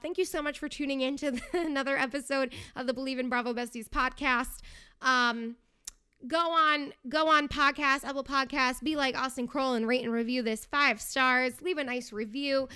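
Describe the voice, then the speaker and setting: High-voiced and speaking at normal speed, a young podcast host talks on her own in a sarcastic, tongue-in-cheek manner. Her sound is pushed and bright, yet clean.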